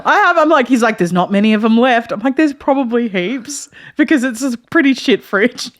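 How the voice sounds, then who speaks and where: A woman's voice: a little high, normal speed. A woman co-hosting a podcast, telling a story with lots of laughs and acted-out quotes in casual chat. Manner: animated storyteller, acts out quotes, laughs often. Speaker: podcast co-host.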